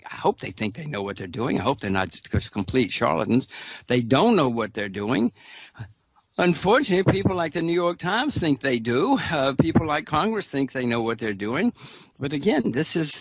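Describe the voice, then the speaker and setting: A man's voice: medium pitch, big pitch swings, normal speed, fairly bright tone, no room sound. A man speaking as an interview guest, emphatic, restarting phrases and adding wry laughs. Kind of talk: interview conversation. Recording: dull dry lo-fi sound.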